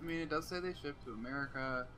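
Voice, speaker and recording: A man's voice: medium pitch, quick pace, sharp tone, soft background music. A man making laid-back remarks in a casual chat.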